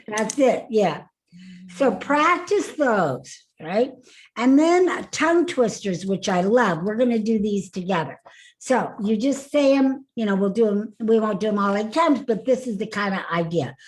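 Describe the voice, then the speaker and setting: A woman's voice: mid-range voice, expressive, unhurried. A woman coaching a group through voice and face exercises in an online workshop, upbeat and laughing often. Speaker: speaking coach. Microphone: video call.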